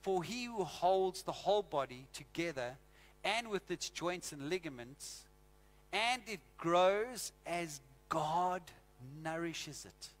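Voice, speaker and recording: Brief: South African male preacher, animated storyteller, higher pitched. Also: slow pace. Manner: animated storytelling, acts out scenes. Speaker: pastor. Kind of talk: sermon. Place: church.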